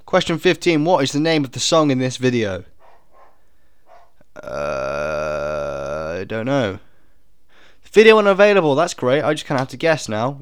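A man's voice: mid-range voice, clear, resonant tone, no room sound. Joking young man doing a quiz. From United Kingdom. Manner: jokey, punning, second-guesses aloud. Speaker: video creator doing a quiz. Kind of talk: casual commentary while taking an online quiz.

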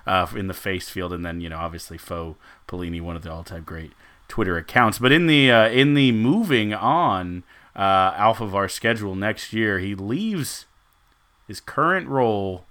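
Man, sports podcast co-host, casual joking chat, lowish voice, bright tone. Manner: rambling, joking, laughs often.

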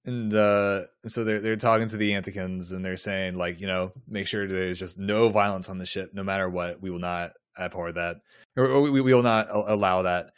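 A man co-hosting a podcast, rambling through a TV episode recap and trailing off quietly. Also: low voice, fairly even intonation, normal speed, smooth, no room sound, clean studio sound. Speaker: podcast co-host. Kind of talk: casual chat recapping a TV episode.

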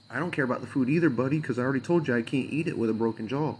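A man's voice: medium pitch, a little fast, long pauses, a bit bright, slightly rough. A man venting as an unhappy customer in a fuming, sarcastic rant full of swearing that rambles loosely from point to point. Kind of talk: angry profane rant to camera.

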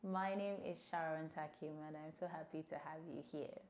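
A young woman hosting her own podcast, animated and opinionated, talking with a smile in her voice. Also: low-pitched, normal speed, reverberant. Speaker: podcast host. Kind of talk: solo podcast commentary.

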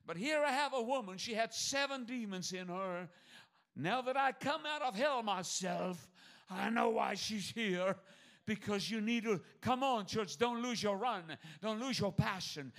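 High voiced preacher guy, emphatic sermon, loud then dropping to mutters. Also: a little slow. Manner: emphatic preaching, swings between loud calls and near-muttered asides.

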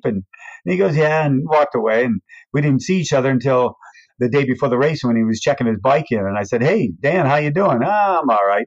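Older man telling an animated story. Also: vocal fry, no echo. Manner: acts out quoted voices with big pitch swings. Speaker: race announcer. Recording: dull, dry recording.

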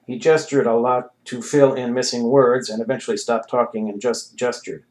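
Male narrator, wry deadpan audiobook read, mid-pitched voice. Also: normal speed, rough recording. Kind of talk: audiobook reading.

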